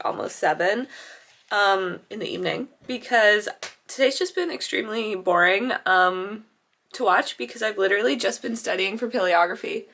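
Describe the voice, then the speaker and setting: A woman's voice: medium pitch, a bit bright. A young woman student chatting casually to camera in a vlog, rambling with lots of fillers. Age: young adult. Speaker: student vlogger.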